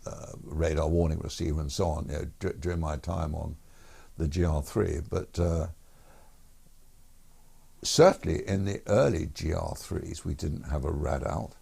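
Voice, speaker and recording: Older ex-pilot guest, deep gravelly voice, rambling anecdotes. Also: male voice, fairly even intonation, normal speed, warm tone. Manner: rambling, self-correcting, chuckles while telling stories. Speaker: guest, retired air force pilot. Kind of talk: anecdotal interview storytelling.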